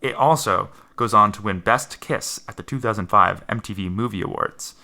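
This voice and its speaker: A man's voice: on the low side, moderate pace, vocal fry, bright, forceful tone. A man hosting a casual movie podcast, chatty, reading out trivia and laughing often. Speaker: podcast host.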